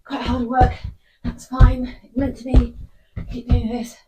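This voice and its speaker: A woman's voice: on the high side, monotone, a little slow, heavy background noise. A woman coaching a workout follow-along, out of breath, giving short encouraging cues between efforts. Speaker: fitness instructor. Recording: voice picked up from a distance.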